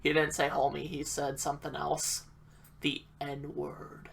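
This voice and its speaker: A man's voice: fairly high pitch, completely flat delivery, a little slow, gravelly, a bit bright, a little hiss or hum. A young man telling a rambling, profane storytime about his school days and acting out what people said. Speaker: vlogger.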